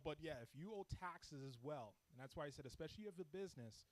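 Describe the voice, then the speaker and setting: A man's voice: on the high side, lively intonation, fast, dry recording, low-quality recording. Man giving a conversational church finance talk. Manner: conversational, often checks in with "right?". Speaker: church seminar speaker. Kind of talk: practical finance talk to a congregation.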